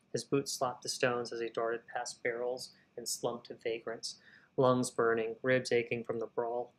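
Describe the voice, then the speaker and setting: A man's voice: mid-range voice, poor audio. A man in the middle of a writing session, reading his draft prose aloud in an ordinary mid-range voice. He reads a stretch of narration, breaks off to weigh a phrase or suggest an edit under his breath, then returns to the text. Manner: talks to himself while editing. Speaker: fiction writer.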